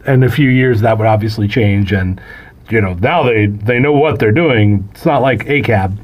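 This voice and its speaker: A man's voice: on the low side, moderate pace. A man co-hosting a film podcast, chiming in with wry, sarcastic asides in casual chat. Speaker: podcast co-host.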